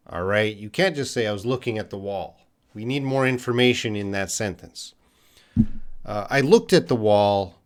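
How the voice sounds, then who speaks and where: A man's voice: mid-range voice, normal speed. A man with a Canadian accent, an English teacher, answering viewers' questions in a casual live stream, thinking aloud with fillers and restarts.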